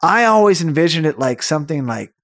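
A man's voice: a little high, brisk, no echo, clean studio sound. A man co-hosting a podcast in casual chat, talking with enthusiasm. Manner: enthusiastic, talkative, animated. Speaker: podcast co-host.

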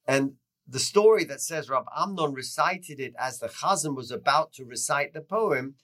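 A man teaching through a lecture that tells a story, with lively swings in pitch and loudness. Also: moderate pace. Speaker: teacher of Jewish history.

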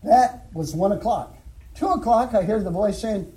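An older man shares his church testimony in a folksy, storytelling manner, chuckling now and then. His voice sits high for a man and sounds very dark and mellow in tone. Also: normal speed, low-quality recording. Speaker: former alcohol counselor giving testimony.

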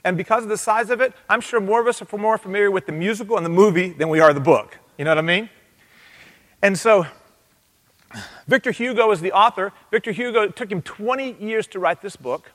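A man preaching in a church sanctuary, his fairly high voice echoing off a large, reverberant hall. He is animated and keeps calling on the congregation to answer him. He reads from a summary as he goes. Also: fast. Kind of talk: interactive sermon.

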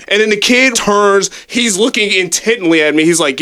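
A man's voice: high-pitched, a little fast, hardly any pauses, sharp tone, clean tone. A man co-hosting a podcast, telling a bar story in a casual, profane way with laughter. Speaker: podcast co-host.

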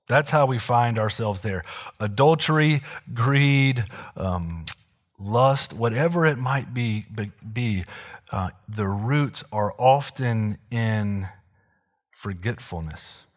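A man's voice: mid-range voice, fairly bright tone. A man in his thirties, a pastor giving a sermon in a loose, conversational way with frequent asides to the congregation. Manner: conversational preaching with fillers and asides.

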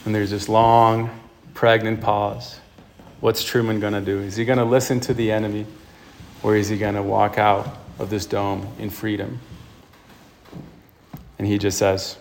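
A man's voice: on the low side, flat delivery, measured pace, pauses often, slight background noise. A man, a priest, preaching a sermon and retelling a film scene with emphatic storytelling.

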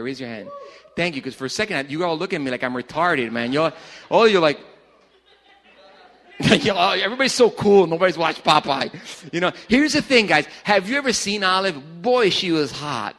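A man preaching a sermon to a congregation in a church, animated and joking with the crowd as their pastor. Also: a little high, fairly quick. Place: church service before a congregation.

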